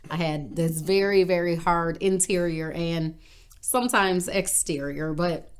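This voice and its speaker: A woman from northern Illinois telling her life story in a casual interview, animated and acting out other people's voices as she goes. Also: measured pace, clear, resonant tone. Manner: animated, acts out quoted voices with big pitch jumps. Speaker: interview guest.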